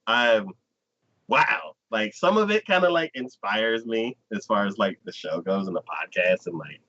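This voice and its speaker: A man retelling anime scenes on a casual podcast, his pitch leaping around as he acts out each character. His voice is bright and forward, and the recording is dull and lo-fi. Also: unhurried. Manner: animated storyteller acting out scenes, frequent "like". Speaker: podcast co-host. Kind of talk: casual anime review chat.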